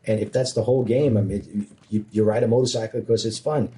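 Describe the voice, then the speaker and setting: Mellow-voiced man telling stories. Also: on the low side, brisk. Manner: animated, self-deprecating humor. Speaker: motorcycle riding instructor, former police officer. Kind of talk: casual storytelling in conversation.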